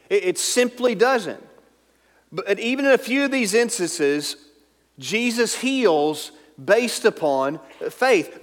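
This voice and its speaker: Man, pastor, sermon, emphatic then hushed, slightly high voice, church reverb. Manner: emphatic, drops to a soft intimate tone at times. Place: church sanctuary. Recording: long hall reverb.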